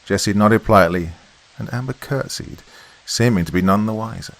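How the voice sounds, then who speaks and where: A man reading a scripted horror story as podcast narrator, in a measured, steady storytelling manner. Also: fairly low pitch, low-quality recording.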